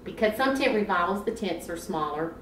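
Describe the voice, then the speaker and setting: A woman's voice: medium pitch, expressive, fairly quick, far from the mic, a little hiss or hum. A woman animatedly recalling the revival tents and altar calls of her childhood. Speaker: choir member. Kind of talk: reflective interview talk. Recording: roomy, off-mic with faint ambience.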